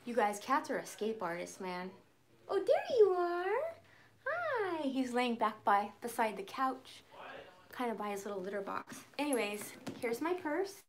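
A middle-aged woman chatting excitedly and frankly on a live phone stream from her home shed. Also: mid-range voice, moderate pace. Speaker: purse vlogger. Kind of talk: casual live-stream chat. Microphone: phone camera.

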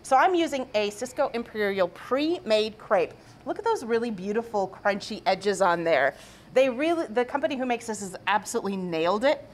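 A woman pastry chef walks through her dishes in an upbeat, explaining way. Her voice sits a little high, and she talks like she is demonstrating on camera. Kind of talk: cooking demonstration.

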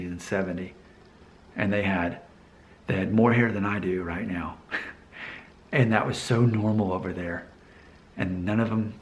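Low-voiced male vlogger, thirties, casual and rambling, with light room noise. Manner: rambling, self-correcting, chuckles often. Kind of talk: casual personal monologue.

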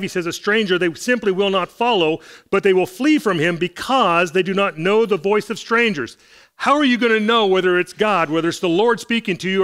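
A man's voice: sits high, a bit bright, smooth. A man preaching a Sunday sermon in church, talking earnestly and conversationally as he reads and explains scripture. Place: church service.

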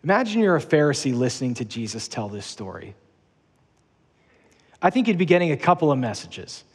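A man's voice: medium pitch, very animated, fairly quick, breathy edge. Earnest preacher man in an echoing hall. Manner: earnest, emphatic, repeats key phrases. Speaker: pastor. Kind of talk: sermon.

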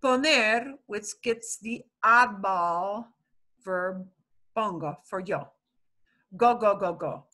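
Woman, Spanish teacher, slow delivery, repeats words, bright tone. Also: mid-range voice. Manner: patient, explains slowly, repeats words. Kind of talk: online language class.

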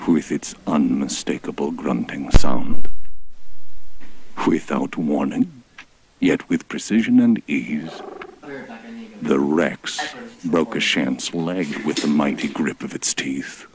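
A man's voice: very deep voice, takes it slowly, long pauses, slight background noise. A man narrating a comic, mock-epic rhyming story in a theatrical manner.

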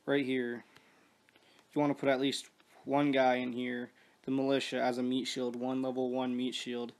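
A man's voice: mid-range voice, a little mellow. A man giving loose, rambling commentary on a strategy game he is playing, swearing often and restarting his sentences. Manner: rambling, profane, many restarts and fillers. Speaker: mobile strategy game player. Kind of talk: casual gameplay commentary.

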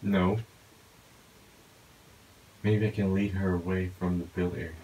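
A man giving casual gameplay commentary, talking to himself with excitable outbursts. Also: low voice, unhurried, slight background noise, low-quality recording. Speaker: gaming YouTuber.

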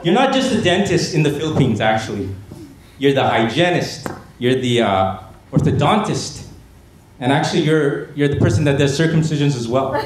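A man's voice: on the high side, animated, moderate pace. Man doing stand-up in an echoey hall. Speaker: stand-up comedy student. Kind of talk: stand-up comedy set. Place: gala stage before a laughing audience. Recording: echoey hall with audience noise.

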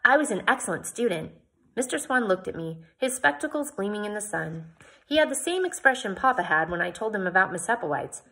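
A woman's voice: medium pitch, very animated, fairly quick, a bit bright. A woman reading a novel aloud, with plain narration and chatty comments between passages.

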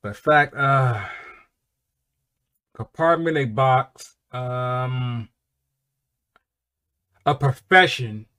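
A man hosting a casual music reaction video, swearing freely and breaking into loud, high-pitched laughing excitement. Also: drawn-out words, pauses often, clear, resonant tone. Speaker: reaction channel host.

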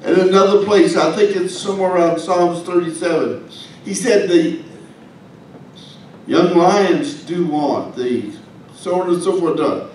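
A man's voice: high-pitched, a little slow, darkish tone, heavy reverb, recorded from a distance, slight background noise, low-quality recording. A man preaching a sermon as pastor, folksy and humorous, with asides to the congregation. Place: church sanctuary.

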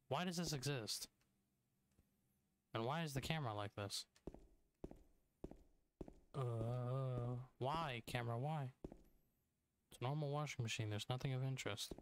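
A man's voice: mid-range voice, measured pace, pauses often. Frustrated swearing young man gaming. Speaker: gamer streamer. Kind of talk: let's play commentary. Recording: noisy home recording.

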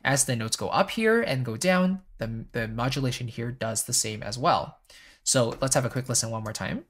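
A man's voice: medium pitch, lively intonation, moderate pace, fairly bright tone. A man hosting a composing tutorial, explaining in a friendly conversational way and often checking in with "right?". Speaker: composer and music teacher.

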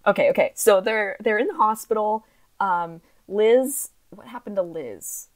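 A woman's voice: medium pitch, a little slow. A woman hosting a comedy podcast, sarcastically reading out a bad story, swearing freely. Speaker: podcast host.

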